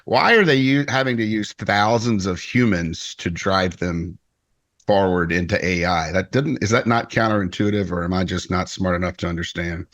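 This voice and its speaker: Indignant, low-voiced man on a dry mic. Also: moderate pace, fairly bright tone, no echo. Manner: emphatic, indignant, with many restarts. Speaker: podcast host, safety advocate. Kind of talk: podcast discussion.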